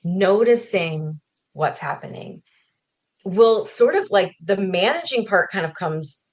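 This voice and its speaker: A woman's voice: mid-range voice, expressive, slow pace. A woman in a podcast conversation, talking reflectively and often checking in with a "right?" as she thinks aloud.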